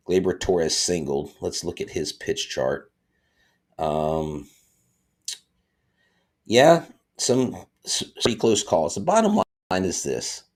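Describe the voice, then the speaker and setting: A man hosting a live sports podcast, chatty and excitable, reading out viewer comments as he goes. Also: deep voice. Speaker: podcast host. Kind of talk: live-stream sports talk.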